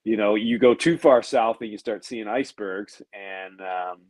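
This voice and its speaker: A man with a lowish voice explains sailing in an easy, unhurried podcast chat. He thinks aloud, with an um here and there, and the sound is close and dry, with no room around it. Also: darkish tone, dry recording. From United States. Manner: explanatory, thoughtful, with frequent ums. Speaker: professional racing sailor guest. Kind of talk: relaxed conversational podcast chat.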